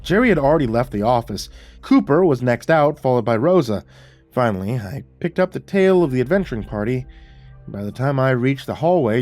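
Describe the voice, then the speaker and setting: Male narrator, scripted horror storytelling, wry even manner, soft background music. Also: medium pitch.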